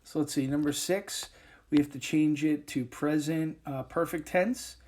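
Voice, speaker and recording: A man teaching an English grammar lesson over a whiteboard recording, explaining step by step with frequent pauses and fillers. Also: fairly high pitch, steady tone, darkish tone, a little hiss or hum.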